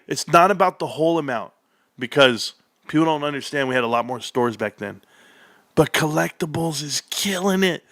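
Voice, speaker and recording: A male livestream host reacting excitedly to an earnings report, reading figures aloud and bursting into shouts. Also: fairly high pitch, dry recording, clean studio sound. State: out of breath.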